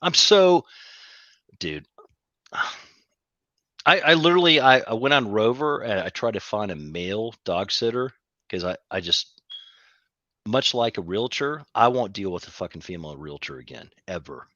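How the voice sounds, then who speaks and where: A man's voice: fairly low pitch, animated, normal speed, long pauses, bright, forceful tone, no echo, lo-fi sound. Profane, fed-up man ranting on a call. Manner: profane, frustrated, rambling. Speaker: caller on a livestream. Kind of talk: angry venting chat.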